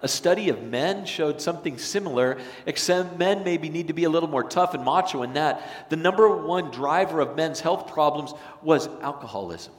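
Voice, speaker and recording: A man preaching a sermon as pastor, animated, swinging from loud, energetic lines to hushed ones. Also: a little high, normal speed, few pauses. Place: church sanctuary. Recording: long reverb of a church sanctuary.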